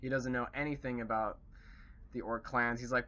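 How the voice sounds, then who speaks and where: Young guy game master rambling thru a session recap, lots of ums, bright voice. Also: mid-range voice, fairly even intonation, fairly quick, dull audio. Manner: rambling, full of fillers and self-corrections.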